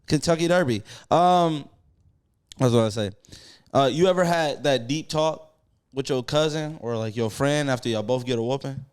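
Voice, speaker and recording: A man's voice: mid-range voice, moderate pace, darkish tone, smooth. A man co-hosting a podcast in casual chat, telling joking stories full of slang and acting out quotes. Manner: joking storyteller, acts out quotes, heavy slang. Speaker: podcast co-host.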